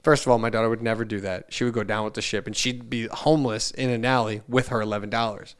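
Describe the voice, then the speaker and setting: A man's voice: on the low side, quick pace, clean tone. A man in his forties, a podcast co-host, telling a long, meandering family story with asides and restarts. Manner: animated, meandering anecdotes with many restarts and asides; loudly acts out family members' lines in shifting voices. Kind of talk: casual chat, rambling storytelling.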